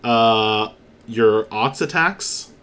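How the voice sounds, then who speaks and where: A man's voice: mid-range voice, extremely slow, fairly bright tone, smooth. A man running a live-streamed tabletop game as game master, narrating vividly with frequent fillers.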